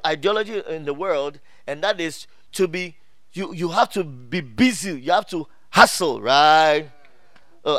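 Male pastor, middle-aged, high voice, dry close sound; lively sermon with frequent congregation call-outs. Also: dry recording. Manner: laughs often, many restarts and fillers.

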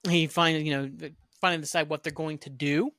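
A man rambles through a TV episode recap on his podcast, swearing freely and acting out quoted lines. His voice sits a bit high for a man. The recording is dry, with no room sound. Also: fast talker, no room sound. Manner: rambling, profane, animated retelling with quoted lines. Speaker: podcast host. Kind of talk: casual solo rewatch recap.

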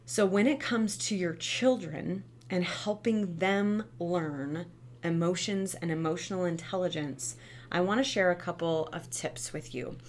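A woman in her thirties, a former teacher and mom, giving parenting tips in casual talk, tagging "right?" onto her points and jumping up high when she acts out cheerful reactions. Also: slight background noise. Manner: chatty, lots of "right?" and "like". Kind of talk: casual advice talk to camera.

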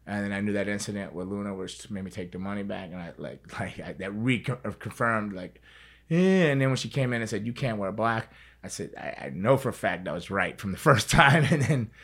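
A man's voice: low-pitched, fairly bright tone. A man telling a story as an interview guest, in a casual, rambling way, repeating words and swearing freely.

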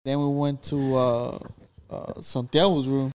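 A man's voice: medium pitch, steady tone, a little slow, a little mellow, clear, resonant tone. A young man telling a rambling story to friends, hesitant and full of fillers. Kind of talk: casual storytelling, mixing Spanish.

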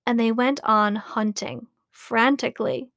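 A woman reading a children's storybook aloud, slow and careful. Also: fairly high pitch, fairly even intonation, a bit bright, no room sound, studio quality. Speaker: audiobook reader.

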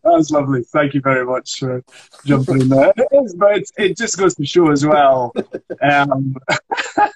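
A man's voice: mid-range voice, normal speed, slightly rough. A man with a northeast Scottish accent, an acting coach chatting loosely on a livestream with frequent restarts. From northeast Scotland. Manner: chatty, lots of restarts and fillers. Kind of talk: livestream chat.

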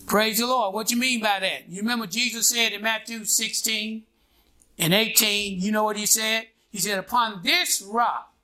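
A man's voice: high voice, steady tone, moderate pace, pushed and bright. A man preaching a sermon in a call-and-response style, prodding his congregation with "what?" and "huh?" and waiting for them to answer. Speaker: pastor.

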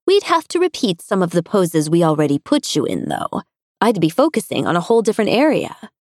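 A woman narrator voicing a brisk, matter-of-fact female photographer who speaks quickly and higher than the narration. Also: huge pitch swings, a little mellow, no echo, studio quality.

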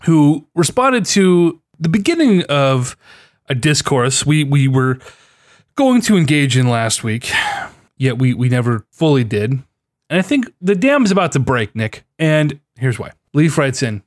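A young man co-hosting a casual gaming podcast, animated and quick to swear and laugh. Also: a little high, dry recording, clean studio sound. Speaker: podcast co-host. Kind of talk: casual chat.

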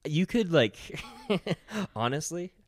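A man's voice: fairly high pitch, sing-song, slow pace, no echo. Teasing, laughing man on a podcast, dry recording. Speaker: podcast co-host. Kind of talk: casual chat.

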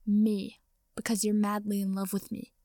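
A woman voicing an indignant, haughty young male wizard who rants and accuses, with a gravelly edge in her voice. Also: medium pitch, monotone, normal speed, dark tone, dry recording, studio quality, close to an everyday voice. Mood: ranting. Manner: ranting, accusing, melodramatic.

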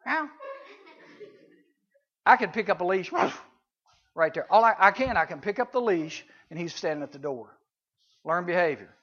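High, bright man telling stories. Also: animated, fairly quick. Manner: storytelling with sound effects and voices. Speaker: camp speaker. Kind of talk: folksy teaching talk to youth. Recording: dull lo-fi recording.

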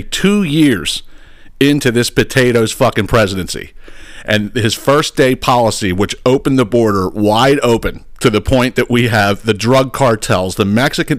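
A man's voice: fairly low pitch, no echo, studio quality. A man hosting a podcast, ranting angrily and sarcastically about politics and swearing often. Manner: angry, sarcastic, swears a lot. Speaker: podcast host. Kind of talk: profane political rant.

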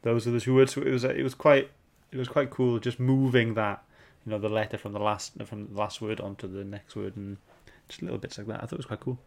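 A man hosting a casual book club podcast, reading out viewer questions in a relaxed way. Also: lowish voice, fast, gravelly, hardly any pauses.

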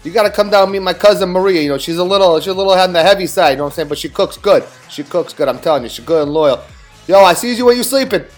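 A man's voice: high voice, racing, close to an everyday voice. Man doing a guido Santa Claus, brash, crude, boastful, faint guitar music behind. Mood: boasting. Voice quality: loud, brash, swaggering.

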